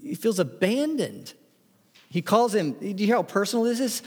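Male pastor preaching, kinda high voice, asks the crowd stuff, big echoey church hall. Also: big pitch swings, moderate pace, husky. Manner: earnest, rises in pitch when reading the psalm aloud; asks the congregation direct questions. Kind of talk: sermon. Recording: long hall reverb.

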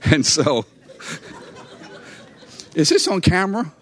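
A man's voice: on the high side, sing-song, takes it slowly. An older man giving a sermon as a story, chatty and conversational, speaking straight to his listeners. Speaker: preacher.

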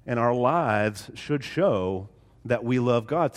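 A man's voice: medium pitch, animated, slow, big-room sound. A male pastor preaching a sermon, emphatic and building on repeated phrases.

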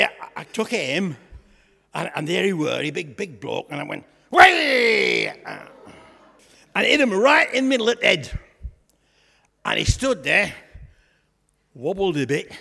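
A man playing a boastful, comic young shepherd lad, chatting and joking with a church congregation in a raspy voice. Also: sits high, sharp tone, heavily acted. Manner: chatty, jokey, asides to the congregation. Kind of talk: comic storytelling sketch in church. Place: church hall. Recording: echoey church hall.

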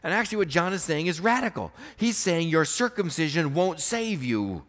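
A man preaching a sermon as pastor, earnest, swinging between emphatic raised passages and quiet, softly spoken stretches. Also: fairly high pitch, big pitch swings, normal speed. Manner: earnest preaching, rising to emphatic bursts then dropping soft.

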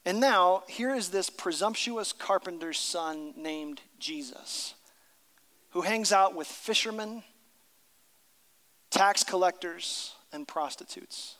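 A pastor preaching a sermon, telling a story and dropping to a hushed voice at tender moments. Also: male voice, sits high, slow pace, in a large hall.

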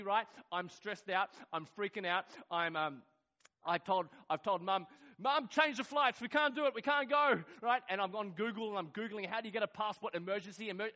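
High-pitched guy preaching, acts out all the voices, gets loud then goes real quiet, kinda dull lo-fi sound. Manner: animated, acts out quoted voices, swings from loud to hushed. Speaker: pastor. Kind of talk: sermon with storytelling.

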